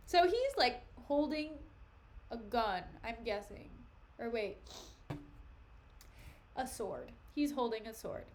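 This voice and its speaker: A woman's voice: a little high, expressive, takes it slowly, pauses often, a little hiss or hum. A young woman streaming a play reading, joking in chatty asides between the lines. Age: young adult. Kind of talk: casual dramatic reading with commentary.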